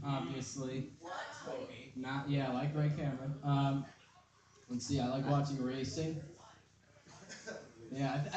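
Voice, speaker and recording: A young man doing a stand-up set, rambling, self-deprecating and deadpan. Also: medium pitch. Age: young adult. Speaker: stand-up comedian. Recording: echoey club from far off. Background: crowd noise.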